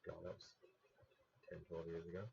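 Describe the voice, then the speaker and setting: A man with a very low, mellow voice talking through a profane late-night stream monologue. He rants loosely and swears freely. The recording is slightly dull, with a faint hiss underneath. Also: monotone, moderate pace, gravelly. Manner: profane, ranting.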